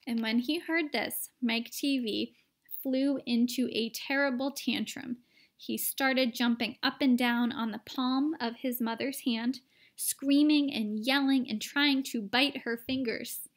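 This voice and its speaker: A woman reading a children's book aloud in a lively storytelling manner with playful asides. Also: on the high side, takes it slowly. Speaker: reader.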